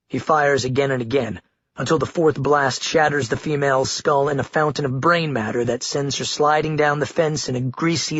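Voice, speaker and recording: Husky-voiced man narrating a grim audiobook. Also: mid-range voice, a bit bright, no room sound. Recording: dry, slightly muffled lo-fi recording.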